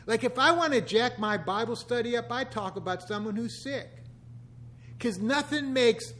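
High-voiced older pastor with wry asides. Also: male voice, fairly bright tone. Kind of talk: conversational sermon.

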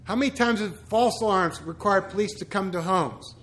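In a fairly bright tone and at a moderate pace, a high-voiced pastor gives a chatty church teaching. He sprinkles in joking asides and rhetorical questions, talking like he's with friends instead of preaching from above.

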